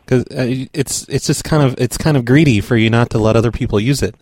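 A man making a prank phone call, pushy, rude and deadpan. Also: mid-range voice, fast talker, no room sound. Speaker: prank caller.

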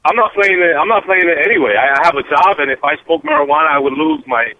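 A man's voice: fairly high pitch, quick pace, pushed and bright. A man taking a phone call while driving, defensive and stammering, heard over a hands-free line. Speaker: prank call target. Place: in a car. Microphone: car hands-free phone.

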